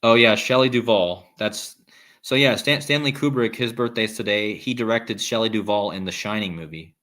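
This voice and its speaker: A man's voice: on the low side, moderate pace, fairly bright tone. A man hosting a casual live stream, rambling with restarts and reading viewer comments aloud. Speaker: livestream host.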